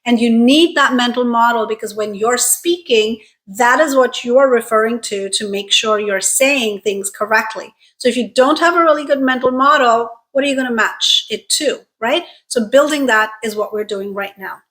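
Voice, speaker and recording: A woman teaching a pronunciation lesson, speaking clearly and deliberately to her viewers and drawing out model vowel sounds. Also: a little high, fairly bright tone. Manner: encouraging, direct address to viewers. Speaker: accent coach.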